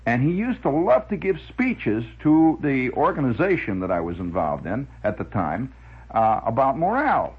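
Husky man telling rambling radio stories. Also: medium pitch, normal speed, highs cut off. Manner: lively, chuckling, full of filler "uh"s. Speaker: radio monologist. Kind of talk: rambling storytelling monologue.

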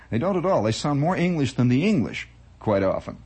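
A man's voice: medium pitch, very animated, moderate pace, darkish tone, husky. A man telling a rambling story as a spoken monologue, with chuckling asides.

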